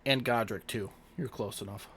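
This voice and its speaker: A man's voice: lowish voice, normal speed, a bit bright, a little hiss or hum. A man narrating as game master, calling out combat results.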